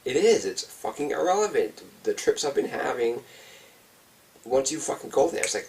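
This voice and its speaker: A man's voice: medium pitch, very animated, normal speed, a little mellow, far from the mic, a little hiss or hum. A man on psychedelic mushrooms rambling through a trip report, awed and swearing, with many restarts. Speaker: vlogger giving a trip report.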